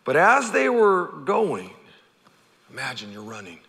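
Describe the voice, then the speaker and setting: Pastor, male, high bright voice, animated storyteller, big reverberant church. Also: a little slow, creaky, husky. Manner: animated storytelling, acting out the characters' shouts. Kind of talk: sermon.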